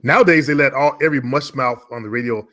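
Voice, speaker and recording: A man with an American accent, chatting casually and giving relaxed, talkative advice about voice work. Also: medium pitch, fast talker. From United States. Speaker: guest, former radio and commercial voice talent. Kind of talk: casual conversation.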